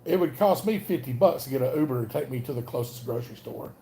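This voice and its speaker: Chatty Alabama man with a mellow voice. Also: medium pitch, animated, quick pace, a little hiss or hum. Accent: Alabama Southern. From North Alabama. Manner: rambling, chatty, greets viewers by name. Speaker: livestream host. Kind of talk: casual livestream chat.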